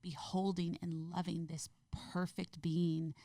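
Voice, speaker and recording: A woman with a lower voice, a noticeable fry at the ends of her phrases. She speaks as a podcast guest in a gentle, heartfelt way. The sound is dry and close, with no room around it. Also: level tone, slow, no echo. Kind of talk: reflective interview conversation.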